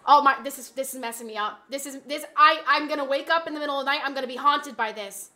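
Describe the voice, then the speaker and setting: A woman live streamer chatting casually, exasperated and rambling, often bursting into loud yelling. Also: high voice, fast, hardly any pauses.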